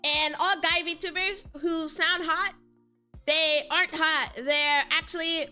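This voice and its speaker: A woman's voice: very high-pitched, fairly even intonation, slow pace, bright, forceful tone, soft background music. A young woman VTuber chatting casually on stream, answering chat and laughing often.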